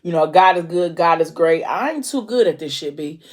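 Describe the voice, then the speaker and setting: A woman's voice: lowish voice, expressive, normal speed. A woman doing a cocky streetwise teen boy. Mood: slangy. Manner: loose slangy speech.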